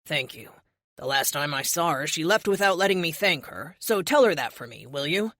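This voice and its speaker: Woman playing older hero team leader, formal, measured, lower and lively, dry audiobook sound. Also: dry recording. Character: older male superhero team leader, composed.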